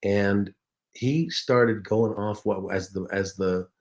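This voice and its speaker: A man, a comedian and voice actor, telling anecdotes as a guest in a casual interview, lively and animated. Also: fairly low pitch, slow pace.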